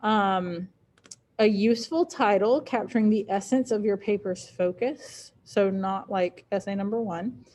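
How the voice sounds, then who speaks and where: A woman's voice: mid-range voice, unhurried, a little mellow. A woman teacher with a Southern US accent walks a class through an assignment. She talks loosely and plainly, with frequent "um"s, in a mid-range voice. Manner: casual, filler-heavy, plain-spoken. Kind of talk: classroom instruction.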